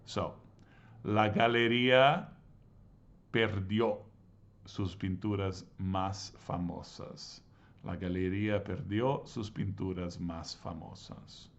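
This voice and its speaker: A man teaching a language class, patiently walking through exercises and slowly sounding out words syllable by syllable. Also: deep voice, steady tone, creaky. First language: English. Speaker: Spanish teacher. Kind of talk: explaining grammar exercises. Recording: slightly dull lo-fi audio.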